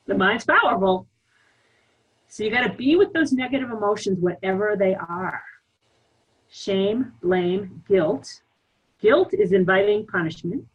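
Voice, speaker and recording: A woman giving a candid, animated spiritual talk on a live group call, laughing often. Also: mid-range voice, normal speed, husky, poor audio. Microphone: online group call.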